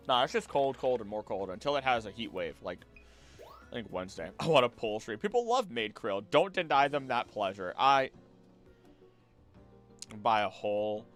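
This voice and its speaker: A man chatting casually on a live gaming stream, jokey and animated, talking to the creatures on screen. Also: medium pitch. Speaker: streamer and voice actor.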